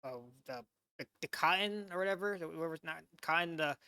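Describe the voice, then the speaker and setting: A rambling American man reacting to a video, his voice bright and forceful. He trips over his words, repeats himself and stuffs "like" into every sentence. The sound is close and dry, with no room around him. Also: on the high side, a little fast, clear, resonant tone, no echo. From United States. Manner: rambling, stammering restarts, heavy use of "like"; incredulous, swearing. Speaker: VTuber reaction host. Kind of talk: casual reaction commentary.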